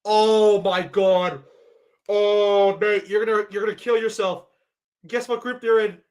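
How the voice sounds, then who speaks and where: Guy with a high voice doing a live reaction vlog, gets worked up, keeps talking to the viewers. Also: measured pace. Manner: excitable, thinks aloud, keeps addressing viewers. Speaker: sports vlogger.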